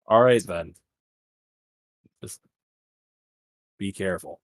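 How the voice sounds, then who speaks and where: A man doing a terse male lieutenant, low husky voice, dry sound. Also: slow, dry recording. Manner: terse, matter-of-fact.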